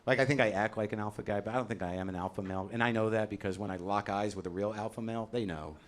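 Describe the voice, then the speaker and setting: A man's voice: on the low side, steady tone, very fast, slight background noise. A middle-aged man doing a stand-up set on a club stage, ranting and swearing with self-deprecating bite. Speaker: stand-up comedian. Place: comedy club stage with audience.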